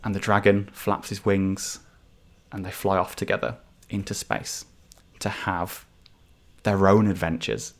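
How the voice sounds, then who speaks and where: A man's voice: low-pitched, little pitch movement, a little slow. A man narrating as game master of a tabletop game, with hesitant, filler-heavy description.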